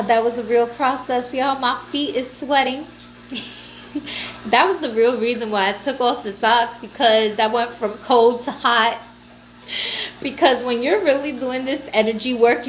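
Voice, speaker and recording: High-voiced woman chatting loosely on a livestream. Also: measured pace. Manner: loose, profane, laughing talk to viewers. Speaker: livestream host. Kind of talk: casual livestream chat.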